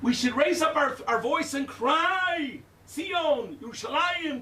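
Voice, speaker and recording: An older man giving an impassioned Tisha B'Av lecture in a synagogue, shouting at its peaks and using Hebrew terms with a Yiddish-style pronunciation. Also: extremely high pitch, sing-song, takes it slowly, roomy sound. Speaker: guest speaker. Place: synagogue hall. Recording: distant room mic with faint noise.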